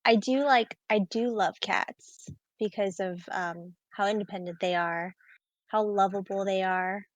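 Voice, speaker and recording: A woman guest in a casual podcast chat, talking in a relaxed, rambling way with many fillers. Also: mid-range voice, no echo. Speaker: guest, dog sitter.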